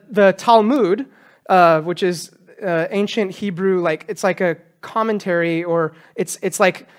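A man preaching a sermon as pastor, animated, acting out quotes with a raised voice. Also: sits high. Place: church.

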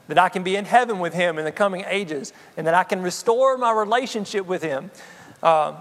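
A man's voice: sits high, a bit bright, big-room sound. A man preaching a sermon in an earnest, personal way, often checking in with the congregation. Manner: earnest, personal, addresses the congregation with frequent "okay?". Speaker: pastor.

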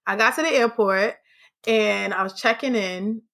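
A woman hosting a podcast, telling a story in casual, animated chat, swearing freely and acting out what people said. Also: mid-range voice, measured pace, vocal fry, a little hiss or hum. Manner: animated, swearing, acts out quotes. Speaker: podcast host.

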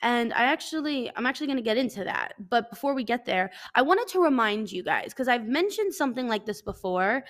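A woman's voice: fairly high pitch, lively intonation, a little fast, few pauses. A young adult woman hosting a casual solo podcast, rambling and self-deprecating, swearing offhandedly as she chats. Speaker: podcast host. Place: living in a hot city.

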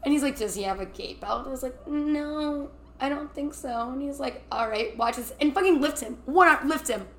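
A young woman co-hosting a podcast, telling work stories in a casual chat, animated and acting out the people she quotes. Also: high-pitched, normal speed, few pauses. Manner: animated, acts out quotes, swears freely. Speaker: podcast co-host. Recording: faint background noise.

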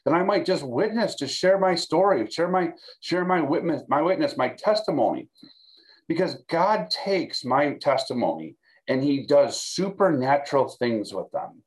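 A man's voice: on the high side, lively intonation, moderate pace, rough recording. A man teaching a Bible study for a video, talking in a conversational way with frequent restarts and check-ins with his listeners. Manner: conversational, repeats words, fillers, checks in with "okay?". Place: recorded for video.

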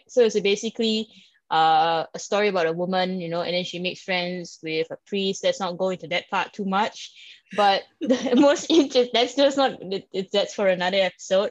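A woman's voice: mid-range voice, no room sound. A woman with a Singaporean English accent, co-hosting a podcast in casual, chatty talk full of "like" and "right?". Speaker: podcast co-host. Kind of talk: casual chat. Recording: dry, slightly dull sound.

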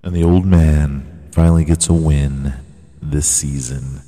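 A man's voice: a bass voice, steady tone, slow, mellow, dry recording, studio quality, some chatter behind. A man hosting a podcast, giving rambling, profane, joking commentary on his own. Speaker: podcast host. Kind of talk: casual solo commentary.

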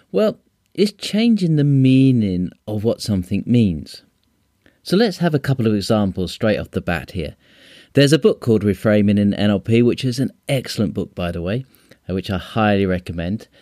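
A man hosting his own podcast, explaining ideas and telling short stories in a relaxed, conversational way with asides. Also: fairly low pitch, no room sound, clean studio sound. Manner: relaxed, storytelling, with fillers and asides. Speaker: podcast host and trainer. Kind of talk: casual solo podcast teaching.

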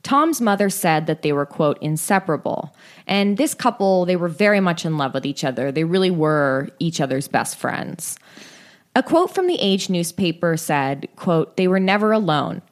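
A young woman hosts a casual true-story podcast with a lowish voice. She is chatty and tired, and her sentences wander with fillers and restarts. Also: very animated, moderate pace. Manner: chatty, many likes and restarts. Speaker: podcast host.

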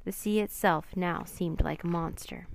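A woman reading a children's adventure book aloud with expressive, dramatic narration. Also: on the low side, a little slow, creaky, a little hiss or hum. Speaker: storyteller.

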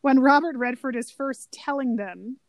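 High-voiced woman chatting about films. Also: normal speed, dry recording. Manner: animated, retells scenes with lots of "like". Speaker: podcast co-host. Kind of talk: casual film chat.

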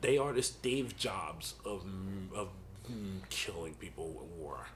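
A man's voice: deep voice, animated, slow pace, slight background noise. Rambling man on a casual podcast. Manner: rambling, restarts and laughs often. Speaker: podcast co-host.

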